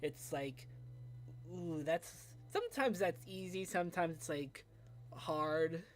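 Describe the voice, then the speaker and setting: A woman's voice: lowish voice, slow, a little hiss or hum. A woman chatting casually over voice chat, hesitant and full of "like" and restarts. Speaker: guest on voice chat.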